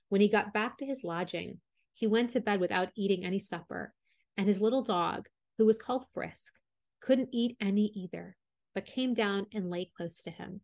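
A woman reading a fairy tale aloud as a storyteller. Her voice sits at an ordinary middle pitch. She narrates calmly and at a measured pace.

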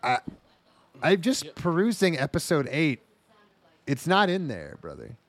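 A man's voice: on the high side, wildly swooping pitch, unhurried. A man co-hosting a podcast in casual chat, joking and riffing on an anime episode. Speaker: podcast co-host.

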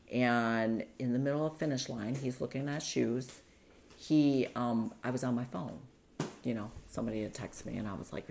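Woman with a really deep voice telling her story in an interview, slight hum behind her. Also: vocal fry, warm tone. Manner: conversational, quotes the other people in her story.

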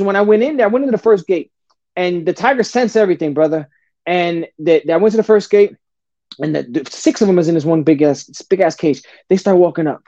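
Guy with a high voice talking real fast, swearing, calling everyone bro, kinda muffled dry audio. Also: dry recording. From New Jersey. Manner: animated, swearing, street slang, says bro a lot. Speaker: podcast guest. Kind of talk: casual storytelling. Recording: dull lo-fi dry sound.

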